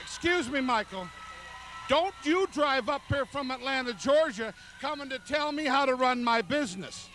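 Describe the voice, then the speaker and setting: Brief: very high man, promoter plugging shows. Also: expressive, moderate pace, pushed and bright, a little hiss or hum. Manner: folksy, stubborn, hard-selling. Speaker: wrestling promoter and TV host. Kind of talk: wrestling TV segment.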